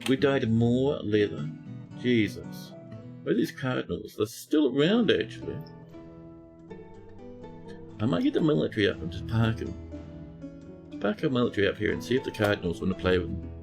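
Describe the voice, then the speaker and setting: Lively chatty man streaming a game. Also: mid-range voice, normal speed, vocal fry, long pauses, music in the background. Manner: chatty, talks to chat while playing; exclaims and scolds game characters. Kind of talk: live-stream gameplay commentary.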